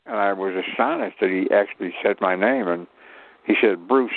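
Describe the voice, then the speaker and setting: Man in his eighties, from Chicago, rambling humorous storyteller, gravelly voice, tinny phone line. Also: fairly low pitch, wildly swooping pitch, moderate pace, dry recording. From Chicago, USA. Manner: humorous, digressive, self-mocking. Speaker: guest, actor.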